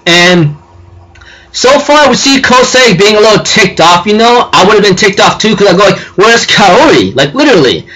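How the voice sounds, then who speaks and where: High bright-voiced rambling man. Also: animated, normal speed, low-quality recording. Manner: rambling, filler-heavy, self-correcting. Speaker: anime reviewer. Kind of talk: casual episode recap.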